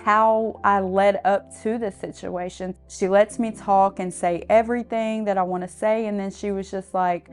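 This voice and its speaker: A woman's voice: medium pitch, steady tone, moderate pace, few pauses, smooth, soft background music. Young mother telling her story. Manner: candid, earnest storytelling, often quoting others. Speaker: client giving a testimonial. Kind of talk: personal testimony.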